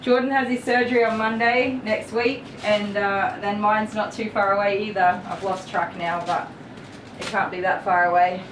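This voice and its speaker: A woman with an Australian accent, chatting casually on a livestream while grooming a dog, thanking viewers and coaxing the dog gently. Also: mid-range voice, fairly even intonation, moderate pace. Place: indoor dog grooming room. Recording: echoey, distant, noisy room.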